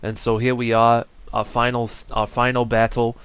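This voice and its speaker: Brief: man playing a silly chatty mascot, loose improvised comedy, clear dry voice. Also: mid-range voice, monotone, moderate pace, fairly bright tone, dry recording, close to an everyday voice. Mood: playful. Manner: playful, rambling, bits of mock hype. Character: silly chatty little male mascot character.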